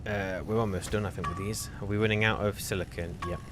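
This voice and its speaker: A man's voice: fairly low pitch, steady tone, quick pace, background noise. A man live-streaming a co-op game, chatting casually and teasing his partner. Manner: chatty, self-correcting, teasing. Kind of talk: casual gameplay chat.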